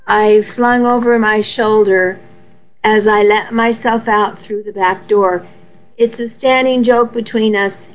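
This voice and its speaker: A woman reading a first-person novel aloud in a steady, intimate way. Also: mid-range voice. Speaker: audiobook narrator. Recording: slightly muffled lo-fi audio.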